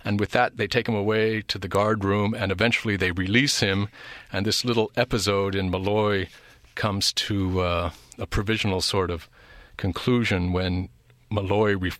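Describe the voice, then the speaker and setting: A man lecturing on literature, unhurried and thoughtful, with frequent pauses as he builds each point. His voice sits on the low side and sounds close and dry, with no room around it. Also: steady tone, fairly bright tone, no room sound. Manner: measured, thoughtful, pausing between phrases. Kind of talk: academic lecture.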